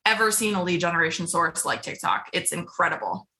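A woman's voice: fairly low pitch, brisk, bright, forceful tone. A young adult woman guest talking casually and eagerly in an interview, often repeating words for emphasis. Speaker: podcast guest.

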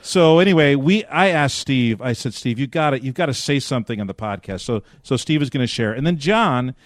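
A man's voice: mid-range voice, lively intonation, a little fast, dry recording, clean studio sound. An older man co-hosting a church podcast, telling a story in casual chat with joking asides. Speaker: pastor and podcast co-host.

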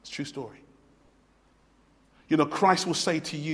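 A man preaching a sermon, swinging from hushed to loud and repeating words as he presses his point. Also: on the high side, normal speed, pauses often, breathy edge. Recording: long hall reverb.

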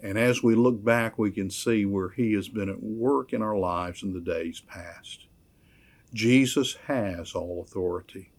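A man preaching a sermon, measured and emphatic, repeating key phrases. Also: lowish voice. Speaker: pastor.

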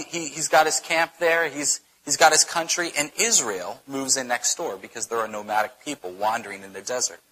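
A man teaching a Bible study, telling the story in a conversational, animated way, often checking in with "right?". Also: medium pitch, breathy edge, rough recording.

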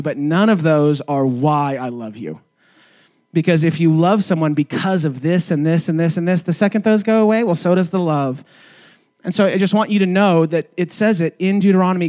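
A man preaching a sermon in a loose, conversational way, with many fillers and restarts, and going quiet and gentle as he leads into communion. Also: fairly high pitch. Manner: conversational, fillers and restarts, softening to a hush near the end. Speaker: pastor.

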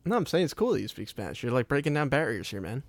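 A man's voice: medium pitch, sing-song, fast, no room sound. Laid-back young man teasing on a podcast. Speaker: podcast co-host. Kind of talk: casual chat. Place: bedroom at home. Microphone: home mic on a stand.

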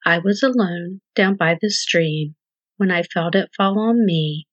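A frightened little chick from a rhyming storybook, voiced by a woman, urgent and anxious as she repeats her warning. The voice sits a little low and the recording is dry and slightly muffled. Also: a little slow, no room sound. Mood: alarmed.

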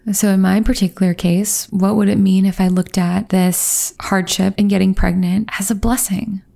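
A woman in her thirties speaks to her viewers openly and with strong feeling, sounding close to tears. Her voice has a gravelly fry at the ends of her phrases and a mellow, darker tone. She talks in a reflective, personal way. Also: medium pitch. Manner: earnest, emotional and open. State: teary. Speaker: vlogger. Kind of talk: personal reflective talk to camera.

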